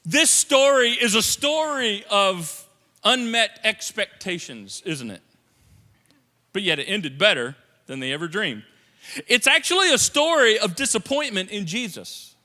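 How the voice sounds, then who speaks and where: Bright-voiced preacher in an echoing church. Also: male voice, high voice, a little slow. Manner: animated, joking, swings between soft and loud. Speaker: pastor. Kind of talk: sermon. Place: church sanctuary. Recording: reverberant church sanctuary.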